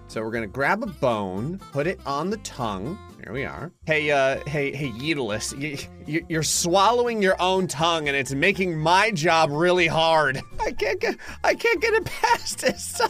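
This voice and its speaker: A man giving let's-play commentary on a mobile game, excitable, laughing often and yelping in surprise. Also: a little high. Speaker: gaming commentator.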